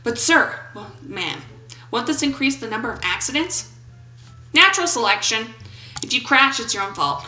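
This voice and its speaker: A woman's voice: a little high, expressive, normal speed, sharp tone, echoey room, soft background music, poor audio. A woman of about twenty-seven, commenting on a game in a playful, goofy way and reading its questions aloud. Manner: playful, goofy, jokes and brief put-on voices. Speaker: gaming YouTuber.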